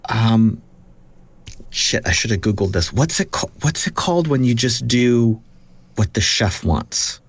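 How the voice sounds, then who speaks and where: A man's voice: medium pitch, big pitch swings, unhurried, breathy edge. A man playing a tabletop game, casual and hesitant, swearing lightly. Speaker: player. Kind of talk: tabletop role-play.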